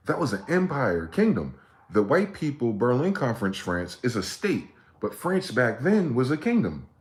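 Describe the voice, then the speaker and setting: A man hosting a livestream, ranting with profanity, repeating words in chains and breaking into sudden high-pitched shouts. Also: noisy background. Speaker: livestream host. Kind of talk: livestream monologue.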